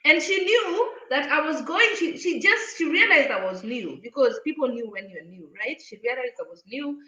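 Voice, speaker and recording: A woman vlogger telling a story to camera in a casual, animated and indignant way, acting out the quotes. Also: high voice, roomy sound, muffled recording.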